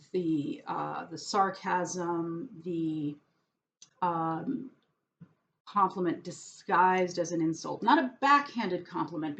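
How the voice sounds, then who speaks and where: Woman vlogger: unhurried, somewhat low voice, hesitant and full of fillers, dry sarcastic humor; dull lo-fi recording. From New York. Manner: hesitant, many fillers and restarts; wry, self-deprecating sarcasm. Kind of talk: casual rambling monologue. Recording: dull lo-fi audio with faint background noise.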